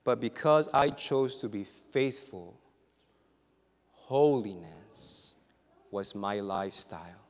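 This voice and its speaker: A male pastor preaching a sermon. His delivery is dramatic and full of humorous stories, and it swings from hushed asides to loud exclamations. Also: fairly low pitch, expressive, slow, long pauses. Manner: humorous storytelling. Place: church sanctuary. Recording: reverberant church hall.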